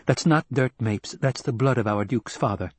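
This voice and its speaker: A man voicing a calm, commanding noblewoman who gives firm, crisp orders in an audiobook. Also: medium pitch, normal speed, dry recording, natural voice.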